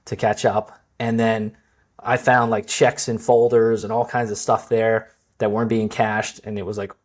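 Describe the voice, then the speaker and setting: A man's voice: lowish voice, little pitch movement, normal speed. A man hosting a business podcast, chatting casually and asking long, rambling questions. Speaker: podcast host. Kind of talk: conversational interview.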